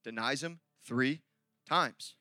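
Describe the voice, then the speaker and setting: Bright, animated preacher man. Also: mid-range voice, slow pace, no echo. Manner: animated, rambling, with many restarts and laughs. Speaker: pastor. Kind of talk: sermon.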